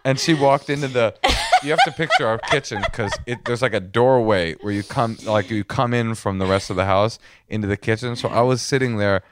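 A man co-hosting a podcast, chatting casually with his wife and telling stories in a jokey, animated way. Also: medium pitch, fairly quick, noisy background. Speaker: podcast co-host. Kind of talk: casual chat.

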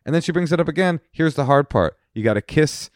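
A man's voice: a little high, fast talker, dry recording, clean studio sound. A man co-hosting an advice podcast, talking casually and animatedly, acting out family arguments as he goes. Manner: animated, acts out family quarrels in quoted voices. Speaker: co-host giving advice.

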